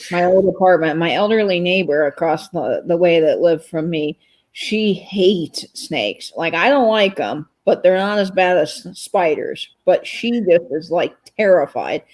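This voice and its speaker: Animated woman telling stories. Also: on the low side, a little slow. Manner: animated storyteller, laughs into her stories. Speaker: guest. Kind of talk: casual chat on a live stream.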